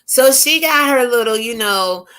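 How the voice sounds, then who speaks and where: A woman's voice: fairly high pitch, expressive, measured pace, a bit bright. A woman from the United States hosting a casual opinion commentary, talking emphatically and firing off rhetorical questions. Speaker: commentary channel host.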